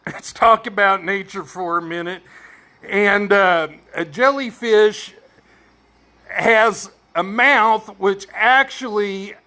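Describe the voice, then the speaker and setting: A man's voice: high-pitched, takes it slowly, bright, forceful tone. A middle-aged man telling a long joke as a folksy, rambling personal story, full of fillers and asides.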